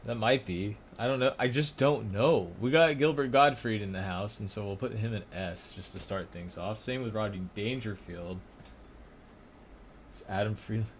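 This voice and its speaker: A man's voice: fairly low pitch, normal speed, slight background noise. A young man casually commenting on a stream, rambling, swearing and often breaking into laughter. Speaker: streamer ranking comedians.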